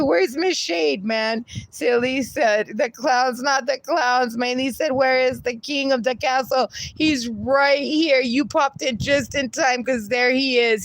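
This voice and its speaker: A woman's voice: high-pitched, no room sound. A woman hosting a casual livestream, reading viewer comments aloud, playful and laughing often. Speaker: livestream host reading chat.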